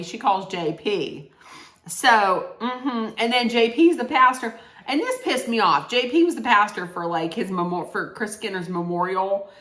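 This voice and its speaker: A woman's voice: a little high, a bit bright. A woman recapping a documentary in a casual, blunt, indignant way, swearing freely. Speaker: vlogger reacting to a documentary. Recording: roomy echo.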